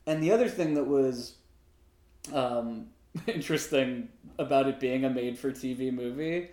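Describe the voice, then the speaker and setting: A man's voice: medium pitch, a little slow, warm tone. Podcast co-host, man, mid-range voice, wry profane storyteller, echoey room. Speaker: podcast co-host recapping a film. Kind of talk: casual chat.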